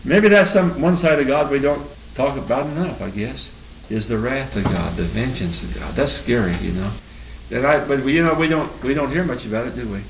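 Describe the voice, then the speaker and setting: A man teaching the Bible verse by verse, reading scripture aloud with rising emphasis and then commenting in loose, halting asides. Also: mid-range voice. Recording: roomy, distant mic with faint noise.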